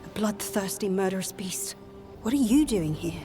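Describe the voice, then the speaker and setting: An actress voices a tough, blunt young brawler in an animated series. She speaks plainly and to the point, over loud music. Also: mid-range voice, moderate pace, natural voice.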